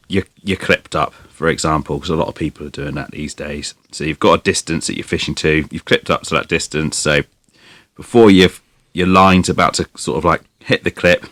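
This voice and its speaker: A man, co-hosting a podcast in relaxed, explanatory chat. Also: low voice, dry recording. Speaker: podcast co-host.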